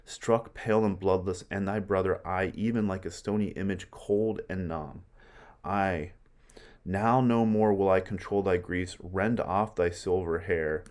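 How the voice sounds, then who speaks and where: A sorrowful older Roman brother speaks in measured verse, as a man reads his part aloud. The voice is low and even.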